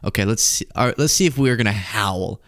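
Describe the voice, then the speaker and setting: A man's voice: fairly low pitch, fairly quick, background noise. A man hosting a political commentary show, talking casually and sarcastically and laughing often.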